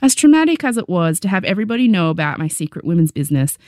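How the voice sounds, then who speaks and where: A young adult woman with an Australian accent narrating her memoir with wry, deadpan humor. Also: fairly low pitch, racing, dry recording, clean studio sound.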